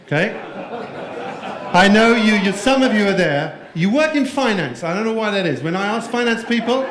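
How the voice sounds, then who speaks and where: A man's voice: high-pitched, lively intonation, moderate pace, noisy background. A man giving a conference keynote, jokey and playful, quizzing the live audience in the room. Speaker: keynote speaker. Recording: echoey room.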